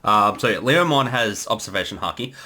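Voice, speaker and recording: A man's voice: on the low side, animated, fairly quick, sharp tone. A man chatting casually through a creator commentary, telling anecdotes and laughing along the way.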